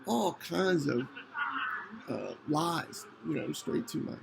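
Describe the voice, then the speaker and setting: A man with a deeply gravelly, fried voice tells a personal story on his podcast. His pitch swings in a lively way, a little above the usual male range, and he speaks earnestly with frequent restarts. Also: background noise. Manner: earnest, halting, with many restarts. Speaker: podcast host.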